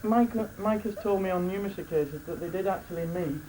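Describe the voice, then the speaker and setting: Speaking quickly in a high voice, the best man delivers a joking wedding speech in the reception room, breaking into laughter between lines and starting sentences over. Loud crowd noise from the live reception fills the recording.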